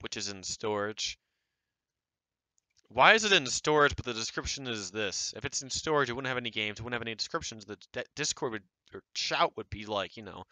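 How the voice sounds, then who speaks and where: A young man talks through a screen recording in a rambling, sarcastic way, his voice bright and crisp. It sounds close and dry, as if he is speaking straight into a desk mic. He gets animated whenever he mocks someone. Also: mid-range voice, dry recording, low-quality recording. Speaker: video creator reviewing online game groups. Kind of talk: casual screen-recorded commentary.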